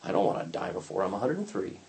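Older man, Bible teacher, chatty and animated, pitch swinging widely as he tells stories. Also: fast talker. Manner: animated storyteller, acts out quotes, frequent restarts. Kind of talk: informal Bible lesson.

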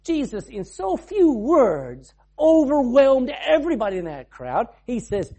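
A man preaches with a lively, rising and falling pitch. He moves from booming lines to hushed ones and reads scripture in old-fashioned wording. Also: unhurried, few pauses, breathy edge. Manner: dramatic, swings from loud to hushed. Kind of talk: sermon.

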